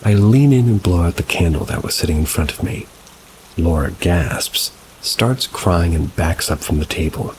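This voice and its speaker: A man reading reader-submitted paranormal stories as scripted narration, at a slow, measured pace. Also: sits low, lively intonation, noisy background. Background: rain.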